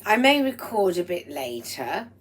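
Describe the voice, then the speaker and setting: Slow, low-voiced woman with a throaty voice. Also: sing-song. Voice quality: throaty, strained voice. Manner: slow and deliberate, drifting into breathy whispered asides; proper, slightly formal phrasing. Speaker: vlogger. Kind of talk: rambling personal vlog monologue. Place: at home while cooking. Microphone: speaking into a microphone.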